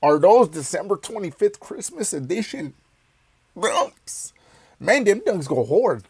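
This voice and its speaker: A young man hosts a reaction video, joking, talking back to the screen and swearing freely in casual chatter. His voice is high and sing-song, a little slow, with slight background noise and a loud song playing.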